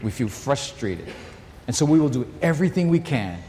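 A man preaching a sermon in a church, telling a personal story in a conversational, emphatic way that swings between loud and hushed. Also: mid-range voice, very animated, normal speed, in a large hall, a little hiss or hum. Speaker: pastor.

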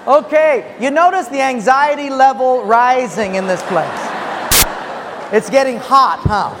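A male pastor preaching a sermon with audience participation, playful and coaxing, with dramatic slowdowns. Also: extremely high pitch, a crowd in the background, noisy background. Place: church sanctuary. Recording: long church reverb.

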